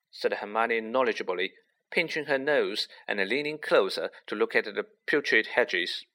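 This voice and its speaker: A man's voice: on the low side, lively intonation, normal speed, sharp tone. A man narrating a storybook, shifting his voice for the characters. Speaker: audiobook narrator.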